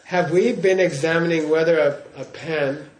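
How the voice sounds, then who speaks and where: A man's voice: fairly high pitch, steady tone, moderate pace. A man giving a Buddhist teaching in class, in a playful way, often checking in with his listeners. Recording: roomy hall echo.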